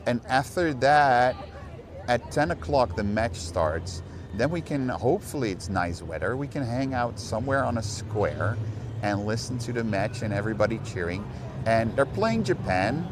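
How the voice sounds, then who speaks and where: A man's voice: medium pitch, slight background noise. A young Dutch man, a native Dutch speaker, chatting casually on a live stream from a city street and talking with his chat and people passing by. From Netherlands. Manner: chatty and rambling, talks to chat and passersby.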